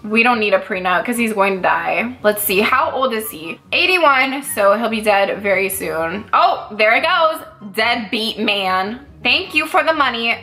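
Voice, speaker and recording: A woman with a bright, sharp voice, pitched a touch high, chatting through a life-sim game. Her commentary is casual and playful, with dramatic outbursts and plenty of swearing. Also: expressive, unhurried, soft background music.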